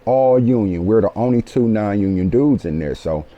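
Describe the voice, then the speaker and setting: A man in his late forties telling a personal story in an animated, profane way, often checking in with his listeners. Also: fairly low pitch, normal speed, highs cut off. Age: 40s. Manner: animated, profane, keeps asking "you feel me". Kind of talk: casual storytelling.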